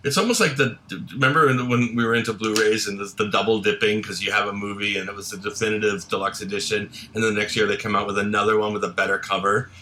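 A man's voice: on the low side, steady tone, quick pace, few pauses, bright, forceful tone, a little hiss or hum. A man, a film director and guest, telling rambling anecdotes in casual chat and laughing often.

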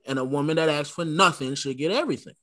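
A man chatting with co-hosts in a relaxed, joking way. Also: on the high side, quick pace, no room sound, clean studio sound. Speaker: co-host. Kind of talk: casual chat.

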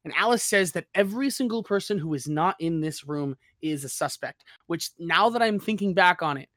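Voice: medium pitch, expressive, a little fast, a bit bright, no room sound, clean studio sound. A host giggling through a casual TV episode recap on a podcast. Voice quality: chatty, laughs often, puts on voices when quoting characters.

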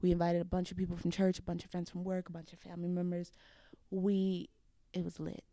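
A young woman, a guest on an interview show, telling a story casually and acting out what people said with big swings in pitch. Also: brisk, dry recording, clean studio sound. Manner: animated, acts out quotes with big jumps in pitch.

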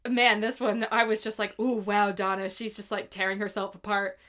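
A young woman chatting casually as a podcast co-host, giggly and animated, swearing freely. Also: medium pitch, moderate pace. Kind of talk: casual chat.

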